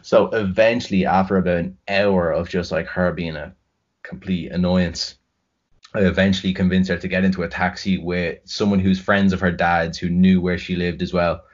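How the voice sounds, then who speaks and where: A man's voice: low-pitched, little pitch movement, normal speed. A young Irish man telling a rambling, sweary story in casual chat. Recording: dull lo-fi recording.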